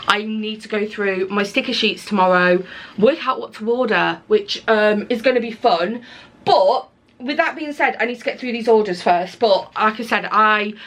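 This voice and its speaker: A woman's voice: on the high side, fairly bright tone. Chatty woman vlogging. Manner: chatty, rambling, self-interrupting. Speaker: small business owner and illustrator vlogging. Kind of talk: casual chat to camera. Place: small indoor craft studio.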